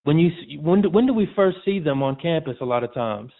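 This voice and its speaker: A man's voice: fairly high pitch, brisk. Chatty man on a phone-like line. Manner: relaxed and chatty, frequent restarts and "man". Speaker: sports reporter guest. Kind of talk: casual interview chat. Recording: tinny phone-like audio.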